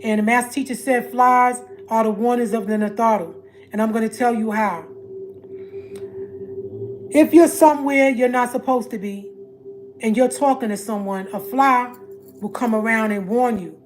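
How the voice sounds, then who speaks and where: A woman's voice: on the high side, normal speed, long pauses, faint music behind. A woman hosting a livestream, talking to her followers in a pleading, emphatic way that keeps repeating itself. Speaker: livestream host. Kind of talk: casual livestream talk to followers.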